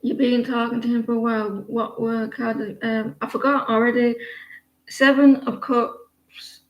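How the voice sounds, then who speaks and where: A woman's voice: fairly high pitch, little pitch movement, unhurried, highs cut off. Chatty Irish woman in an echoey room. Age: 40s. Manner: chatty, rambling, with many restarts. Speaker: tarot reader. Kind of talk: live tarot reading chat.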